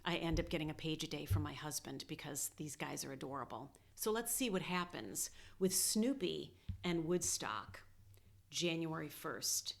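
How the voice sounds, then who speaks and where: A woman's voice: deep voice, expressive, moderate pace, creaky. A woman host talking casually, telling a personal story and reading comics aloud in a chatty way.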